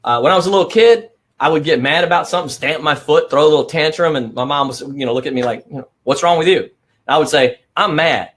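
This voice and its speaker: A man's voice: a little high, fast talker. A middle-aged man hosting a motivational live stream, talking with energy, stressing points and often adding "right?".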